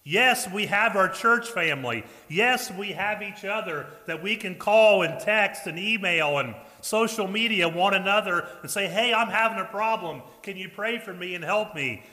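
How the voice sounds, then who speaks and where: Pastor guy preaching, kinda high bright voice, goes loud then quiet, church reverb all around. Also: normal speed, few pauses. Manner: earnest preaching, swings between loud emphasis and quiet asides. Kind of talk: sermon. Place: church sanctuary.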